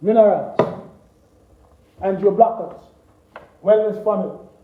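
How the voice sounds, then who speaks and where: Emphatic high-voiced man preaching health. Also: slow. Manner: preachy and emphatic, repeating commands. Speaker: natural health promoter. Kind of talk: casual direct-to-camera talk. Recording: dull lo-fi sound.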